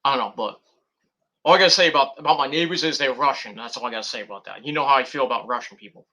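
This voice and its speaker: Racing along in a medium-pitched, pushed and bright voice, a man vlogs about wrestling in casual, rambling fashion. He swears freely and drifts from topic to topic.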